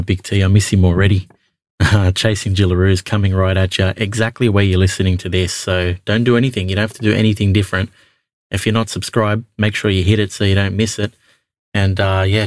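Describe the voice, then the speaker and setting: A man's voice: on the low side, no echo, studio quality. Laid-back Australian man hosting calls. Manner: laid-back, matey, restarts phrases. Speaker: podcast host. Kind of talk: casual call-in chat.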